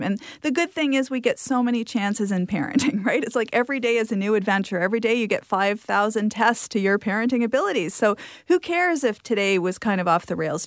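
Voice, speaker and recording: A woman's voice: medium pitch, no room sound, clean studio sound. A woman speaking as a parenting expert guest, giving reassuring, chatty advice with light laughs. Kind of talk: interview answers.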